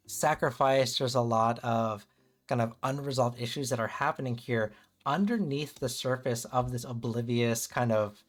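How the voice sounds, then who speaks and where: Guy doing a chill tarot stream, rambly "kind of... right?" talk, mid-pitch voice, soft music behind. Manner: loose and chatty, peppered with "kind of" and "right?". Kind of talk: casual livestream tarot reading.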